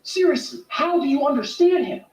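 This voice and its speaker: A man's voice: very high voice, fairly quick, a little hiss or hum. An actor playing an exasperated, sarcastic man who has completely run out of patience, heard as distant, roomy clip audio.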